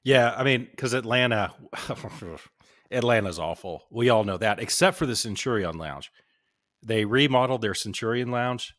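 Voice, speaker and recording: A man's voice: medium pitch, lively intonation, normal speed, fairly bright tone. A man co-hosting a podcast, grumbling through a travel story in casual chat. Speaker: podcast co-host.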